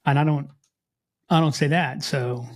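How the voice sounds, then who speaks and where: A man co-hosting a casual podcast, with a slight Mid-Atlantic American accent, talking in an animated way with frequent restarts. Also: fairly high pitch, measured pace. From United States. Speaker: podcast co-host. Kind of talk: casual chat.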